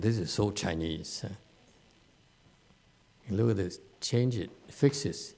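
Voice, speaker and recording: A man's voice: mid-range voice, unhurried, creaky, dark tone. A man teaching a dharma lecture to students at a meditation center, plain-spoken and teasing, with many fillers and restarts. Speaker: Buddhist teacher.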